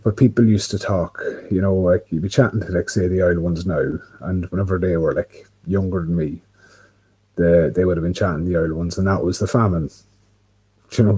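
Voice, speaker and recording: Indoors beside a window, an Irishman hosting a livestream chats away to himself, loose and rambling, peppering his speech with fillers and curses. His voice is low-pitched, warm and a bit rough, and the recording is rough too.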